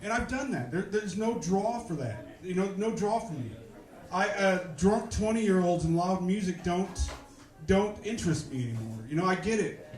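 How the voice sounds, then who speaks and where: A man's voice: high-pitched, expressive, moderate pace, a little mellow, faint music behind. A man in his thirties doing a stand-up comedy set, wry and exasperated, with fillers. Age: 30s. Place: comedy club stage, live audience. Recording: echoey room.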